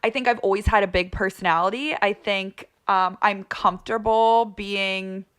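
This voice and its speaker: A woman's voice: medium pitch, steady tone, normal speed, fairly bright tone, clean tone. A young woman, a sports broadcaster, chatting casually as a podcast guest in an upbeat, talkative way, laughing easily.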